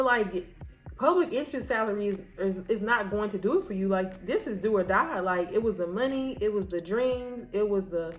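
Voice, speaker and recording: A woman's voice: mid-range voice, animated, moderate pace, faint music behind. A woman of about thirty, a law student chatting candidly to her viewers while doing her makeup at home, rambling and saying y'all. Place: home, near her bed.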